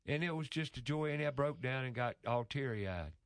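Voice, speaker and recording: A man's voice: mid-range voice, expressive, normal speed, no room sound. A man speaking in a casual conversation, telling an emotional story earnestly with frequent restarts.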